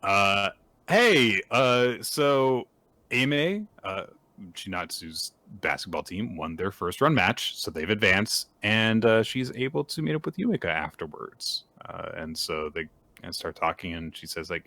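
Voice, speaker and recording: A man co-hosting a manga podcast, casually recapping chapters and acting out characters' lines with lively energy. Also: low-pitched, a little slow, no room sound.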